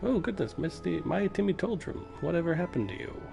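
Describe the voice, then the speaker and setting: A man's voice: fairly high pitch, sing-song, a little fast, creaky, music in the background, pitched above the performer's own voice, full character voice. A man voicing a fussy, doting middle-aged woman who coos over her cat in baby talk. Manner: cooing, fussing baby talk.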